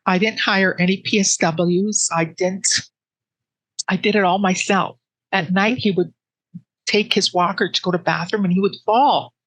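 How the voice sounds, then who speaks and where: A woman telling her personal grief story in an interview, with earnest, halting speech full of restarts that sits close to tears. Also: medium pitch, fairly even intonation, no echo, low-quality recording. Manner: soft and emotional, close to tears.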